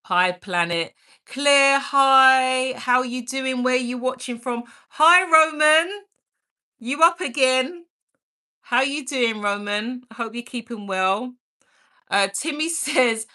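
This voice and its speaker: A woman's voice: mid-range voice, pushed and bright. A middle-aged woman hosting a casual livestream, reading chat aloud, greeting viewers by name and laughing often. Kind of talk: casual live-stream chat.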